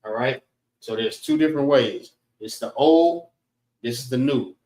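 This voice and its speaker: A man leads a casual class, talking in an easygoing way and pausing on "all right" between points. His voice sits at an average pitch. The room around him is echoey. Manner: relaxed, repeats "all right" often. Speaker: class teacher. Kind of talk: teaching a class.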